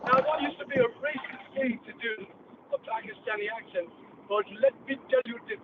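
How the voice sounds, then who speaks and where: A man's voice: very high-pitched, fairly quick. A male podcast host with a Cockney accent, rambling through a brash, profane monologue. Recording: tinny phone-like line, faint hiss.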